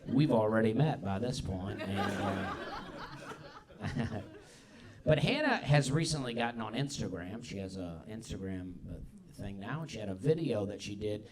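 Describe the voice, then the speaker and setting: A man's voice: fairly low pitch, lively intonation, normal speed, crowd noise. A man in his thirties with a Southern American accent, hosting a live comedy podcast on stage with easygoing, self-deprecating storytelling. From Alabama. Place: comedy club stage before a live audience. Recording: live audience laughter behind.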